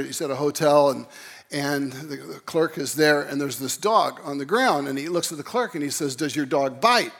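Animated man with a high voice. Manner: rambling and animated, with many restarts and repeated words. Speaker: speaker on creation and evolution. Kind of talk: informal lecture.

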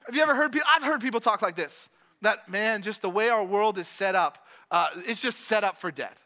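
A man preaching a sermon in a conversational way, repeating phrases and dropping in quick asides. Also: high voice, bright, forceful tone. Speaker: pastor. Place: church with congregation.

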